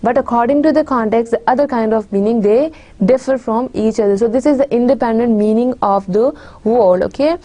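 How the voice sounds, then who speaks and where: A woman's voice: on the high side, warm tone. A woman giving a recorded English literature lecture, addressing her dear students often, with many fillers and restarts.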